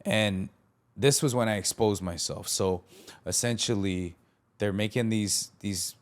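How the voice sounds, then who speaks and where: Slangy storytelling man, lowish voice. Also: unhurried. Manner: animated, acts out the quoted lines of others; casual, slangy, many fillers. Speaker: podcast host. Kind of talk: personal storytelling on a podcast.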